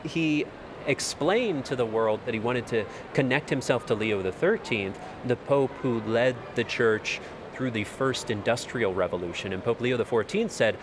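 A man's voice: medium pitch, moderate pace. Man in his forties, city noise behind. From Texas. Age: 40s. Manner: earnest, thoughtful, with occasional fillers. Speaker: priest and lecturer. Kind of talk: interview. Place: street and taxi in a city. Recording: on-location audio with clear city noise.

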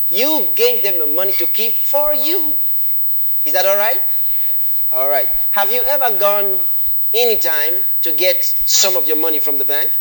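A man's voice: high voice, a bit bright. A man preaching a sermon, repeatedly questioning the congregation and pressing his points with emphatic repetition. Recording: long hall reverb, faint noise.

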